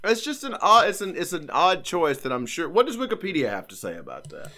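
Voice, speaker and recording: A man's voice: a little high, brisk. A man co-hosting a podcast, chatting casually and joking. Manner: animated, joking. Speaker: podcast co-host. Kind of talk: casual chat.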